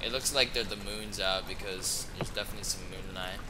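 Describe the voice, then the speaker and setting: A man's voice: deep voice, fairly even intonation, fairly quick, background noise. A young man commentating a horror game in casual chat, jumpy, swearing and exclaiming at every scare. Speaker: gamer playing a horror game. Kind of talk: casual let's-play commentary.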